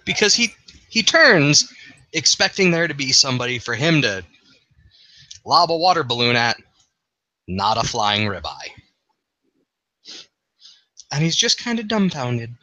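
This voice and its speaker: A man narrating a tabletop game as game master, in drawn-out, halting narration with fillers. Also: mid-range voice, very animated, pushed and bright, no echo.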